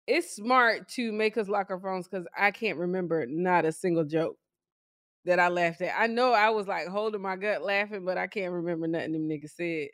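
A woman's voice: on the low side, normal speed, fairly bright tone, dry recording, clean studio sound. A woman hosting a podcast in casual chat, teasing her co-host and telling stories with lots of laughter. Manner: teasing, laughing, chatty storyteller.

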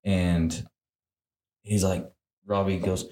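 A very deep-voiced man recalling a hunt in easy conversation. He jumps into his own quoted lines with energy, and the room around him gives his voice a noticeable echo. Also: fairly even intonation, measured pace, darkish tone. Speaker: hunting guide. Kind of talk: casual storytelling. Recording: roomy echo.

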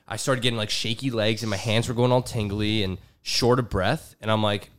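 A man's voice: fairly low pitch, fairly quick. Candid young man hosting a podcast. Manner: relaxed, candid storyteller with filler words. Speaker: podcast co-host. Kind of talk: casual podcast conversation.

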